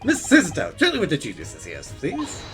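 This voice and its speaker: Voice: medium pitch, huge pitch swings, a little fast, over music. A streamer doing a pompous grand detective. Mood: grandiose. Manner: grandiose, theatrical, self-satisfied. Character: pompous eccentric male great detective.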